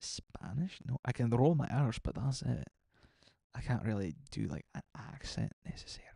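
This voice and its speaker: A young man talks casually to his live-stream audience, rambling and answering chat messages as they come in. His voice has a gravelly edge to it. The sound is dry and close, with no room echo. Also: mid-range voice, sing-song, moderate pace, warm tone. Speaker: gaming streamer.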